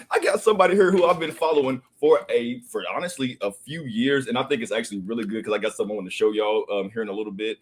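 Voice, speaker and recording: Young man, Southern US accent, husky, casual podcast host, playful and loud. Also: lowish voice, brisk. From American South. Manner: loud, joking, slangy storytelling.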